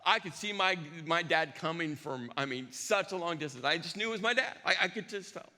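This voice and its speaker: Bright, high-voiced man preaching. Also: brisk. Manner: animated storyteller acting out dialogue; drops to a hushed intensity. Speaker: pastor. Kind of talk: sermon. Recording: long reverb of a large hall.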